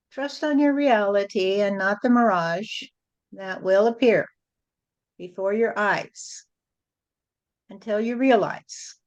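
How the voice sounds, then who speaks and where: A woman speaking as a spiritual channel, delivering a message in a slow, repetitive, rhyming preaching cadence. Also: mid-range voice. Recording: dull lo-fi recording.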